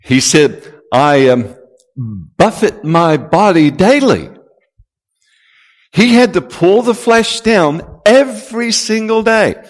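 A male pastor preaching a sermon, who builds to loud call-and-response and draws out key words. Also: sits high, lively intonation, slow. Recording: long hall reverb.

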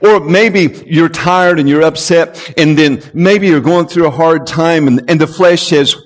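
A male pastor preaching a sermon, who builds to loud call-and-response and draws out key words. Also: on the high side, a little slow, hardly any pauses. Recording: long hall reverb.

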